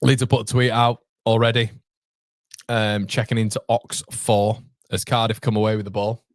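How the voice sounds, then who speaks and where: A man hosting a live match watchalong, chatty and excitable, talking straight to his viewers. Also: fairly low pitch, moderate pace, no room sound. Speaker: host of a football fan channel.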